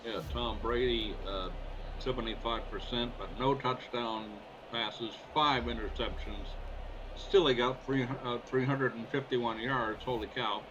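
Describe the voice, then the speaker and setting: A man's voice: medium pitch, fairly even intonation, measured pace, dull audio, background noise. Folksy man reading out game stats. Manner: folksy, mutters stats aloud. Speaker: gaming video host. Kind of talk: casual gameplay commentary. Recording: voice over loud game music.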